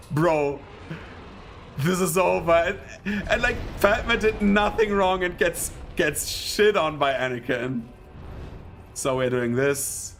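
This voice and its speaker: Excitable young German-accented gamer. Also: male voice, high voice, slight background noise. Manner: rambling, laughs often, excitable bursts. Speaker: gaming streamer. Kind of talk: casual gameplay commentary.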